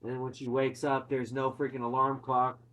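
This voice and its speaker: A man's voice: medium pitch, normal speed, a little hiss or hum, low-quality recording. Man casually recapping a movie, swearing. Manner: swearing, animated retelling with quoted voices.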